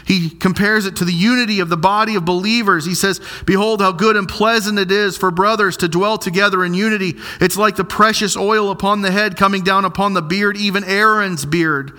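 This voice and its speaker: A man preaching a sermon, earnest and emphatic, slowing down to stress repeated phrases. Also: sits high, pushed and bright. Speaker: pastor.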